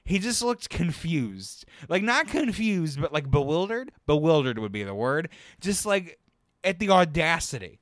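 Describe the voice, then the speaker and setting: In a clean studio recording with no echo, a man co-hosting a podcast rambles through a work story, swearing freely and cracking himself up as he goes. His pitch runs on the high side and swings widely, and he talks a little slowly with few pauses.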